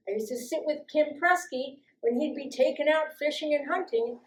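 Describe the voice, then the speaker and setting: Older woman telling lively life stories. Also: high voice, moderate pace, rough recording. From US East Coast. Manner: lively, acts out quoted voices, laughs often. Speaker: guest speaker sharing life stories. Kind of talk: personal storytelling talk.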